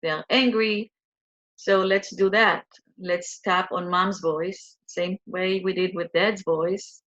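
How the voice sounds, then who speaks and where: Woman, tapping coach, guided exercise, slow unhurried delivery, soothing repetitive cues, muffled lo-fi audio. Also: on the low side, fairly even intonation, fairly bright tone.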